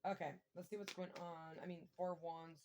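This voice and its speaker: A woman giving a casual tarot reading, thinking aloud and breaking into excited exclamations and mild swearing. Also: on the low side, brisk, a little hiss or hum. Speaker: tarot reader.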